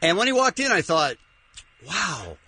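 A man's voice: a little high, expressive, brisk, sharp tone. A man hosting a radio show, chatting in a wry, self-deprecating way. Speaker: radio host. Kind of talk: casual radio banter.

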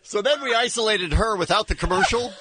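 A man hosting a radio show, bantering casually, joking and quick to laugh while defending himself. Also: high voice, bright, forceful tone, a little hiss or hum.

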